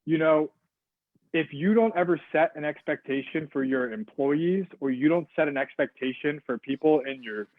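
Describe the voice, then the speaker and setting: Male webinar speaker, energetic and interactive, slightly high voice, thin phone-like call audio. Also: normal speed, dry recording. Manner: energetic, checks in often with the audience. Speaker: guest speaker on service and leadership. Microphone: video call.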